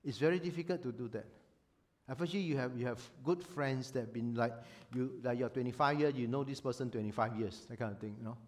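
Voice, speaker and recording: A man preaching a sermon as a pastor, animated and emphatic, often acting out voices. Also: medium pitch, fast.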